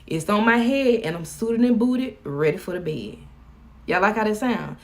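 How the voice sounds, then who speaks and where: A woman's voice: mid-range voice, animated, normal speed, slight background noise. A woman with a Southern US accent chatting casually on a live stream, folksy and joking. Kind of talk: casual chat.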